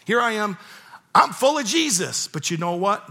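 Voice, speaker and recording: A pastor in his fifties preaches with a bright, forceful tone. His voice sits a touch high for a man. He tells a personal story earnestly, repeating key lines and dropping low for quiet points. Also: sing-song, moderate pace, gravelly. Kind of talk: sermon.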